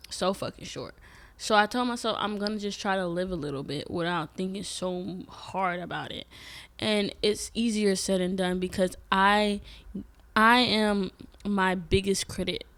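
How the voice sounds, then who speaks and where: A young woman in Atlanta vlogs in a casual, reflective monologue, speaking candidly and emphatically. She swears freely and breaks into sudden loud outbursts, though her medium-pitched voice otherwise keeps a measured pace.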